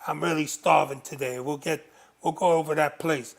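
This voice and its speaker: A man doing a greedy old mob boss with a rough gangster voice, demanding and pushy. The voice sits a little high for a man and comes out loud and impatient. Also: fairly even intonation, moderate pace.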